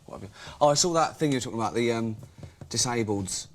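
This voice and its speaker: A man's voice: mid-range voice, lively intonation, quick pace, background noise. An English man in his thirties giving a blunt, mock-ignorant comic news monologue. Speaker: comedy news presenter.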